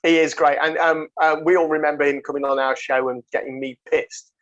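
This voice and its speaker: A man's voice: fairly high pitch, steady tone, a little fast, fairly bright tone, highs cut off. A man hosting a podcast, chatting with a guest in a chummy, teasing way. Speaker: podcast host. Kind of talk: casual chat.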